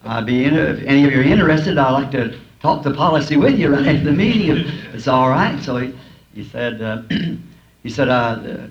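A man preaches in a folksy, storytelling way and laughs softly at his own jokes. He speaks at a middling pitch. The old tape sounds dull and lo-fi, with a faint hiss underneath. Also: animated, moderate pace. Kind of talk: folksy sermon with humorous anecdotes. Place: school auditorium before a congregation.

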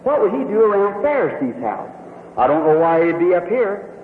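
High-voiced preacher telling a story. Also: male voice, big pitch swings, normal speed, slight background noise. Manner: emphatic, vivid, repeats himself. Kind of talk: sermon with dramatic storytelling. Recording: tinny phone-like echoey hall.

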